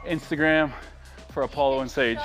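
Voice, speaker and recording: A man talks through a workout for his vlog in a gym, cracking jokes and urging the viewer to keep going. His voice sits in an ordinary middle pitch and often comes out winded between sets. Light music plays faintly underneath. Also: steady tone, normal speed. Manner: joking, hypes the viewer while training. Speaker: fitness vlogger. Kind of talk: casual workout vlog narration.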